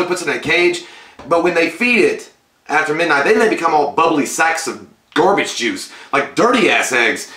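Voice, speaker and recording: Profane man recapping a movie, echoey room. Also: a little high. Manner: profane, bursts into shouted voices. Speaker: co-host. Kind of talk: casual movie review chat.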